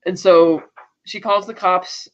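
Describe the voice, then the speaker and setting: Speaking slowly in a high, slightly bright voice with fairly even intonation, this podcast co-host recaps an episode in casual chat. He wanders, with lots of "like" and false starts. The audio is dull and lo-fi.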